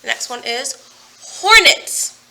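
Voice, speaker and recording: A young woman teaching an online phonics lesson, upbeat and playful, stretching out words slowly and clearly. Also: on the high side, sing-song, pushed and bright. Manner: upbeat, playful, slow and emphatic.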